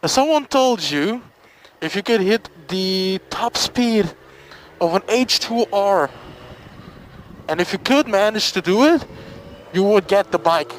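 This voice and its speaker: A man from Belgium asks his interview questions in a slow, relaxed, slangy way. His voice sits high, and faint traffic hums behind him. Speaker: motovlogger interviewing a guest. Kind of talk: casual interview.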